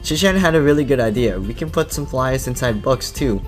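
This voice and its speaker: A man's voice: mid-range voice, animated, brisk, soft background music, lightly acted. Chirpy, insistent schoolgirl from a visual novel, as a man reads her lines. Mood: cheerful.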